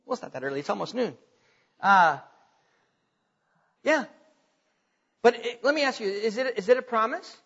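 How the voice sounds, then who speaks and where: A man's voice: high voice, big pitch swings, normal speed, creaky, long pauses, fairly bright tone, husky, big-room sound, dull audio. A man, a pastor, preaching a sermon to his congregation in a conversational way, growing emphatic as he retells scripture.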